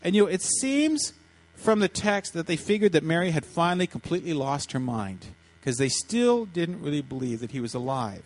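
Animated storytelling preacher man. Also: fairly high pitch, moderate pace, rough recording. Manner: animated, acts out voices in quotes, many restarts. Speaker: pastor. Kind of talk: storytelling sermon.

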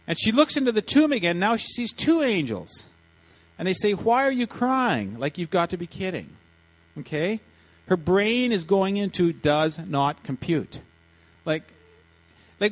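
Lively preacher guy telling a story, voice bounces up and down, kinda high. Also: poor audio. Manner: animated, acts out voices in quotes, many restarts. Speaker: pastor. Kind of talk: storytelling sermon.

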